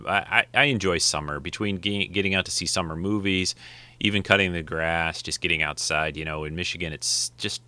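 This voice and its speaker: A man's voice: very deep voice, bright, forceful tone, no room sound. A man hosting his podcast alone, chatting casually in a rambling way with friendly asides. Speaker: podcast host. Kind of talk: casual solo podcast talk.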